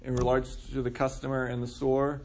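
A pastor preaches a casual, conversational sermon, posing questions to the congregation and answering them himself. His voice is medium-pitched, monotone, a little fast, and darkish, with slight background noise.

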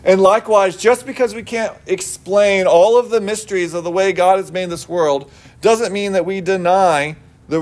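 High-voiced male pastor preaching conversationally. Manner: earnest, conversational preaching with personal stories. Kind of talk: sermon.

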